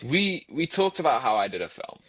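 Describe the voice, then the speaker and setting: A man's voice: medium pitch, very animated, a little fast, fairly bright tone. A young man from England with a Coventry accent, a guest in an interview, talking earnestly and often repeating words as he thinks aloud. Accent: Coventry English. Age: young adult. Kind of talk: reflective interview conversation.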